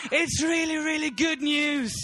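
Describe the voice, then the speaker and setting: A man with a very high voice preaches with bursting enthusiasm. He laughs often, stumbles over repeated words and rises into shouts when he gets excited. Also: a little slow. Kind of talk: sermon.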